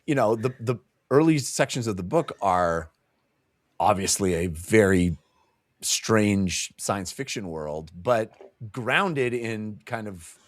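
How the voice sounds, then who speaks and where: A man co-hosting a relaxed book club talk, retelling chapters with bursts of laughter and quick put-on quotes. His voice swings widely in pitch. The sound is dry, with no room around it. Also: dry recording. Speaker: podcast co-host. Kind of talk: casual book club chat.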